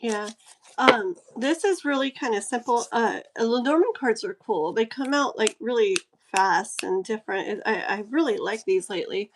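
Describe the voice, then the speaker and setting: Woman live-stream host, casual card-reading chat, giggly and effusive, higher pitch. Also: moderate pace, noisy background. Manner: giggly, gushing and easily excited.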